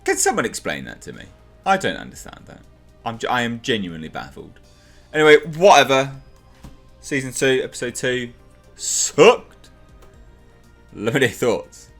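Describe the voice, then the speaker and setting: A man rants through a TV review with sarcastic exasperation, swearing and hammering his points home. His pitch leaps up and down constantly as he talks, and faint music plays underneath. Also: sing-song, fairly quick, creaky, fairly bright tone. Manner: exasperated, sarcastic, mocks characters in high put-on voices; swears and repeats himself for emphasis. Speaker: TV show reviewer. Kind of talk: ranting review vlog.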